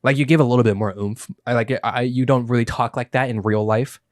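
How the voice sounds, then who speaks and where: A man's voice: mid-range voice, quick pace, dry recording. A young man co-hosting a casual podcast, talking animatedly and swearing freely into a studio microphone. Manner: animated, swears freely, does mock YouTuber voices. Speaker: podcast co-host. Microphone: studio microphone with headphones.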